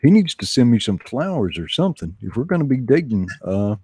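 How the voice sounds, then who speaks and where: A man's voice: medium pitch, sing-song, a little fast, warm tone, breathy edge. A man hosting a casual online chat, rambling and self-deprecating. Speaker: host.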